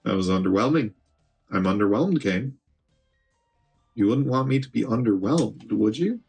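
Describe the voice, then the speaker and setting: A man's voice: fairly low pitch, expressive, moderate pace, creaky, a little mellow, husky, soft background music. A man streaming gameplay, chatting casually and talking back to the game, with an occasional swear. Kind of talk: live gameplay commentary.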